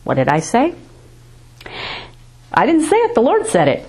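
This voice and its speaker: Lady preacher reading out bible verses, higher-ish voice, big swings for emphasis. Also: huge pitch swings, normal speed, long pauses, darkish tone. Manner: preaching with scripture readings, rising and falling emphasis. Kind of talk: sermon.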